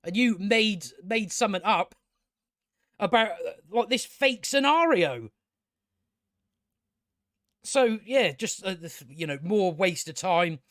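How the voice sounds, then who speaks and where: A man's voice: sits high, fairly bright tone, dry recording, studio quality. A young man ranting through a casual TV review, exasperated, sweary and repeating himself. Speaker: TV review vlogger.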